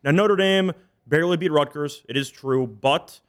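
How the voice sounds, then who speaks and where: A man's voice: a little high, moderate pace, a bit bright, clear, resonant tone. A man on a betting panel explaining his pick with statistics in a methodical way. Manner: methodical, explains picks with stats. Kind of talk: casual sports betting chat.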